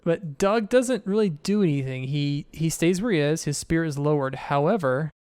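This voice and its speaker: Casting: male game master, smooth higher voice, dry close sound, easy narration. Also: normal speed, dry recording. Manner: relaxed descriptive narration.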